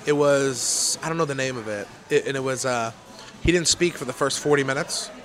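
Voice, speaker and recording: A man hosting a casual comedy podcast, swearing freely and talking in quick, animated asides. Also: medium pitch. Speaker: podcast host.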